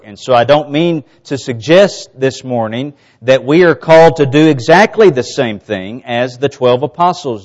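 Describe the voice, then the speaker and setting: A man from the US Gulf Coast delivers a sermon at an unhurried, deliberate pace, teaching step by step and lifting his voice for emphasis. His pitch sits in an ordinary middle range. The recording sounds somewhat dull and lo-fi. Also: darkish tone. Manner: slow, measured teaching with rising emphasis. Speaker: preacher.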